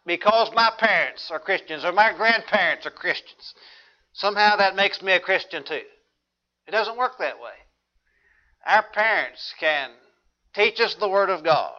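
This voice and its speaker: A man preaching a sermon in an earnest, measured way, citing scripture. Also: sits high, pushed and bright. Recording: dull lo-fi recording.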